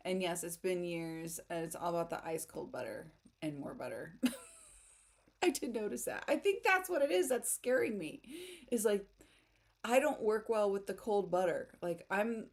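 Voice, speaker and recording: A chatty, giggly woman from the United States talks casually with her live audience, laughing at herself as she goes. Her voice sits a little low for a woman. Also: a little mellow. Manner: chatty, giggly, self-deprecating. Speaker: writing livestream host. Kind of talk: casual chat reading live comments.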